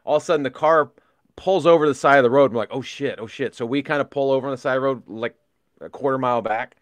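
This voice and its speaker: Fast-talking man telling a wild story. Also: medium pitch, dry recording. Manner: excitable storyteller, heavy swearing, animated re-enactments. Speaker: podcast co-host. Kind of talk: casual storytelling chat.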